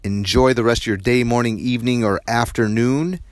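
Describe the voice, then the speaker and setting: A man's voice: medium pitch, steady tone, brisk, no room sound. A man hosting a podcast, giving an earnest, reflective spiritual self-help tip. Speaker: podcast host.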